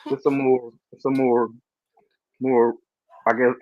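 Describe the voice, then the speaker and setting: A man's voice: mid-range voice, flat delivery, slow, no echo, muffled recording. A man co-hosting a podcast, chatting casually and hesitantly, often repeating his words. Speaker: podcast co-host. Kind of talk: casual chat.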